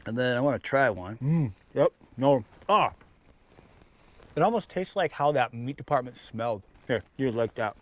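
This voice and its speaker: A man's medium-pitched, somewhat bright voice moves at a moderate pace with lively intonation. He's an outdoor vlogger making casual camp talk at a mountain campsite, addressing his dogs while setting out snacks.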